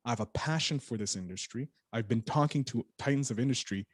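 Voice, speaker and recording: A man on a podcast as a guest, telling a story in an animated, casual way and swearing freely. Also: mid-range voice, fairly quick, dry recording, clean studio sound.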